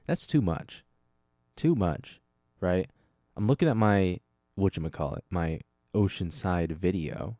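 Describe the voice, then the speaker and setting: A young man with a low, mellow voice talks through a solo podcast in a loose, wandering way. He keeps cutting himself off and tossing in casual swears. The sound is close and dry, with no room around it. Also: no room sound. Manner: rambling, self-interrupting, casual swearing. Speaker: podcast host.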